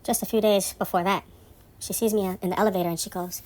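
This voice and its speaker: A woman at a middle pitch tells a story in a loose, rambling monologue. She is profane and indignant, and her voice jumps higher and louder when she is exasperated. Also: steady tone, quick pace. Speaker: vlogger telling a story about her building.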